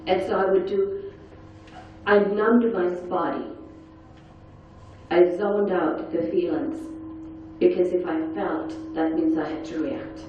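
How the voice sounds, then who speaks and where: A middle-aged woman gives an intense, earnest personal testimony at a forum session in a large conference hall, acting out quotes as she tells her story. Her lowish voice is steady, and she goes slowly with long pauses. The recording is echoey, distant and dull, with a little hiss or hum.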